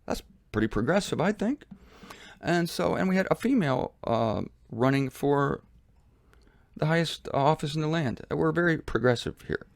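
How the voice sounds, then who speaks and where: A man hosting his own show, giving a casual commentary from a laundry room in an animated, mocking way, swinging from low mutters to high exclamations. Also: fairly quick, creaky, no echo, studio quality. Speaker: Bible teacher and show host. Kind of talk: casual self-filmed commentary.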